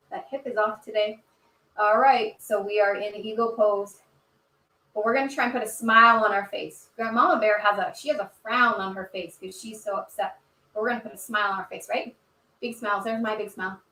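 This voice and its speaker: A woman's voice: mid-range voice, pushed and bright, distant mic. A woman reading a children's story aloud and leading kids through yoga poses in an encouraging, cheerful way, recorded indoors on a camera mic. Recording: echoey room.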